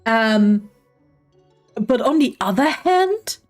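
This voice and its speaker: A woman talks casually and excitably on a podcast, swearing freely in animated asides. Her voice sits a little high, and faint music plays underneath. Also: very slow. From Germany. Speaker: podcast host. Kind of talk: casual chat.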